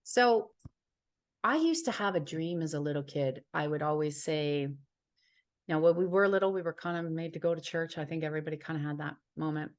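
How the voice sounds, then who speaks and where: A woman's voice: deep voice, fairly quick. A woman from Ontario, Canada, a healer and psychic, telling a personal story as an interview guest in an earnest, heartfelt way, repeating phrases for emphasis.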